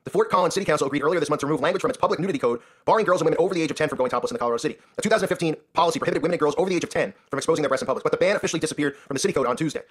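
A man's voice: on the high side, racing, hardly any pauses, a bit bright, slightly rough. A man hosting his own commentary show, ranting in an indignant, sarcastic way and often tagging lines with "right?".

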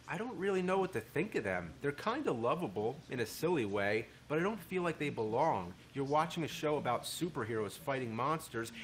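A man giving a casual, animated spoken review of a TV show, swearing freely as he talks. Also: fairly high pitch, a little hiss or hum.

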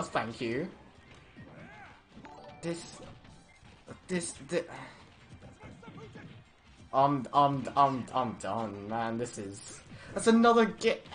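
A young man giving excited, stammering live commentary on his game stream, laughing often. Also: medium pitch.

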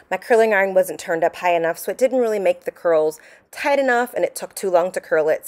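A young woman chatting casually through a hair tutorial at home, rambling and poking fun at herself. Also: lowish voice. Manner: chatty, rambling, self-mocking. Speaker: beauty vlogger. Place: home room. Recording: echoey room.

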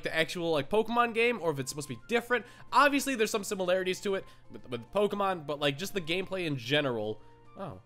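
A young man excitedly commenting on a video game he is playing, rambling and filling his talk with "like". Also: sits high. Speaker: gaming YouTuber. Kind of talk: casual let's play commentary. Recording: game music underneath.

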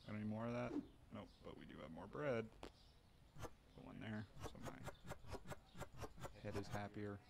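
A man giving casual gameplay commentary, narrating his own moves with animated mock outrage. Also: on the low side, moderate pace, vocal fry, pauses often, noisy background. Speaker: gaming streamer.

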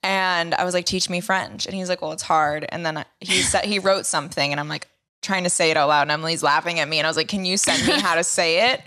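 A young woman with a Boston accent co-hosts a casual podcast in a bright, sharp voice. She is blunt and crude and often breaks into laughing banter. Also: fairly low pitch, fast talker. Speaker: podcast co-host. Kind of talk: casual chat.

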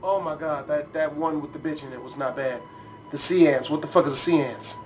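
A man's voice: on the high side, fairly quick, faint music behind. A man hosting his channel, giving casual reaction commentary, swearing freely and yelping when something startles him. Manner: profane, jumpy, yelps and swears when startled. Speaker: YouTube host reacting to a scare challenge.

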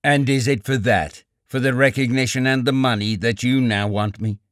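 A man's voice: medium pitch, no room sound, studio quality, close to an everyday voice. A man reading a bitter, coolly reasoning young writer. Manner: measured, cool, argumentative. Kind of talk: audiobook character reading.

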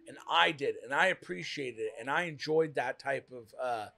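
A man co-hosting a casual reaction chat, talking fast and excitably. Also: mid-range voice, vocal fry. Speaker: co-host.

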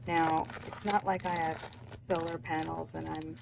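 A woman's voice: low voice, little pitch movement, unhurried, creaky. A young woman chatting casually and rambling with lots of fillers as she unboxes planner supplies at her desk at home. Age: young adult. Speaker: planner vlogger. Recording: noisy background.

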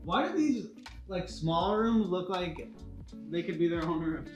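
Teasing man with a fairly high voice. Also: animated, a little slow, faint music behind. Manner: teasing, wisecracking. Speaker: friend joining the tour. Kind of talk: casual banter.

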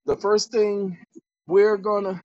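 A woman giving a casual lecture to viewers, reading legal definitions aloud and breaking into loud, emphatic asides with repeated phrases. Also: mid-range voice, flat delivery, slow, dull audio. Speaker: online commentator.

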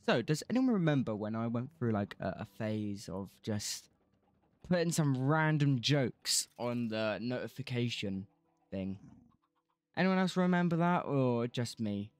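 A man's voice: medium pitch, sing-song, a little slow, no room sound. A man streaming a game, rambling casually, swearing and humming bits of songs. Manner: rambling, sings snatches of songs, swears freely. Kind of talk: casual gameplay commentary.

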